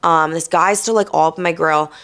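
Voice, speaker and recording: A young woman from New Jersey hosts her own podcast, spilling a night-out story in a loose, chatty way. Her voice sits a little low, and she drops into sassy mock quotes and casual swearing. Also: brisk. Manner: animated, swearing, mock-quoting others with sass. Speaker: podcast host.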